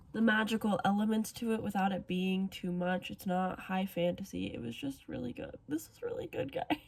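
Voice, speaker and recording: A young woman in her twenties chatting casually in a reading vlog, excitable and gushing, laughing often and tearful from crying. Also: medium pitch. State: tearful, having just cried. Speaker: book vlogger.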